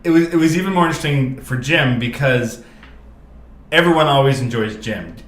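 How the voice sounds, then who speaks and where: A man hosting a casual chat, jumping in with quick questions and reactions. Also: mid-range voice, fairly bright tone. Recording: roomy echo.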